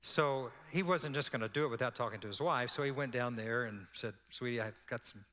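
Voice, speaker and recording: A man preaching to his church, telling a personal story in an easy, conversational way. His voice sits at an ordinary middle pitch, and he breaks into little laughs between lines. A long reverb trails off every phrase in the sanctuary. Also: brisk, pushed and bright. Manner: conversational, laughing asides, acts out quoted voices. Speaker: pastor. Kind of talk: sermon storytelling.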